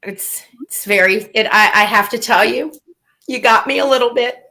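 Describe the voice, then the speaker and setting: A woman's voice: fairly high pitch, normal speed, creaky, bright, forceful tone. A woman playing a melodramatic, weepy reality-TV woman in a live comedy parody, whiny and swinging into mock tears. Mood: dramatic.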